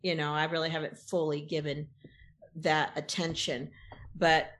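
A woman in casual conversation, telling a long personal story in an animated, rambling way. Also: low voice, normal speed.

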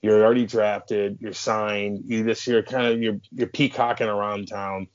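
A man's voice: on the low side, little pitch movement, moderate pace. A man in his thirties from St. Louis, a former hockey player telling rambling, swear-filled stories as a podcast guest. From St. Louis, USA. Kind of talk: casual storytelling. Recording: muffled lo-fi podcast audio.

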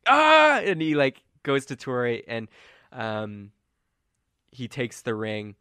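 A man narrating as game master in a relaxed way, with many fillers. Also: medium pitch, slow pace, clear, resonant tone, dry recording, clean studio sound.

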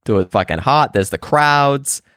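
A man's voice: medium pitch, animated, a little slow, a bit bright, dry recording, clean studio sound, pitched above the performer's own voice. A man doing a cocky Boston bro. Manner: cocky, swearing, calls everyone kid. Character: swaggering young male Boston bro.

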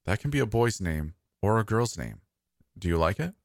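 A man's voice: fairly low pitch, very animated, normal speed, no room sound, clean studio sound, pitched above the performer's own voice. A man voicing a shy, earnest sixteen-year-old boy whose voice has not yet dropped, in a spoken story. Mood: eager. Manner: earnest and nervous.

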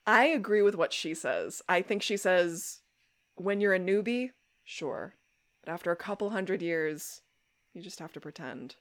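A woman's voice: on the low side, unhurried. A woman co-hosting a podcast, chatting casually as she recaps a show episode and acts out the characters' lines. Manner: animated, retells scenes with quoted lines and laughs. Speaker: podcast co-host.

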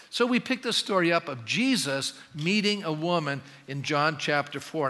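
A man preaching a sermon as pastor, animated and reading scripture dialogue with emphasis. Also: fairly high pitch. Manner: animated, acts out the dialogue he reads with rising emphasis. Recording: long hall reverb.

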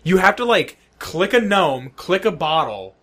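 Male podcast co-host, slightly high voice, very animated delivery, profane and jokey. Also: a little slow. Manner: animated, swearing, laughing storyteller. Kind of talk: casual gaming podcast chat.

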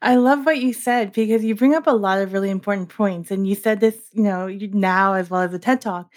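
A woman's voice: medium pitch, brisk. A woman interviewing a guest, agreeable and casual, often using "like" and "you know".

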